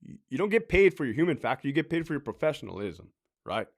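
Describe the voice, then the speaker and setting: Man, former correctional officer, blunt, profane, lively swinging pitch, casual advice talk. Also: fast talker. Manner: blunt and profane, repeats "right?" often.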